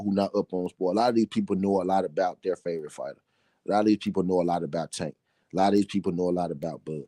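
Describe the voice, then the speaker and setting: A man's voice: sits low, mellow, no room sound. A man with a Southern US accent hosting a solo boxing talk show, ranting bluntly and profanely, repeating his points for emphasis. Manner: blunt, repetitive, heated and profane.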